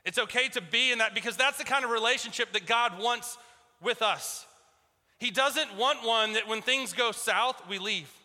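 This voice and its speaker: A man's voice: extremely high pitch, normal speed, sharp tone, in a large hall. A man preaching a conversational sermon as pastor of his church, often repeating words as he restarts. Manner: conversational, repeats words at restarts, acts out voices of biblical figures. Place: church sanctuary.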